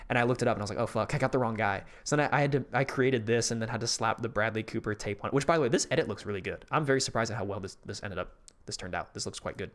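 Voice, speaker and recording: A man's voice: lowish voice, very fast, fairly bright tone. A rambling, cursing male streamer. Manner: rambling, swears often, laughs easily. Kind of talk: casual live-stream chat.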